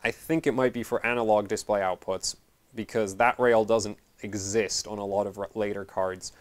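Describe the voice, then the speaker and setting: A channel host with a lowish, steady voice at normal speed explains a repair. He rambles casually, corrects himself often, uses many fillers, and drops dry sarcastic asides.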